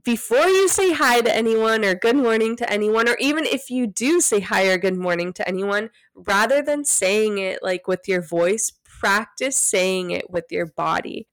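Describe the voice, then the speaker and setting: A woman hosting a solo podcast, talking gently and guiding listeners through a practice, sometimes dropping to a hush. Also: mid-range voice, dry recording, clean studio sound. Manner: soft, gentle, unhurried guidance; drops to a hushed near-whisper when demonstrating. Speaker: podcast host.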